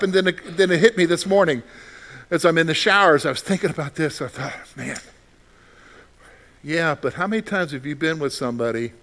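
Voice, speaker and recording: A male pastor with a high-pitched voice delivers a sermon. He talks animatedly, jumping from loud bursts to hushed, gentle lines. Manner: animated, swings from loud outbursts to soft quiet lines.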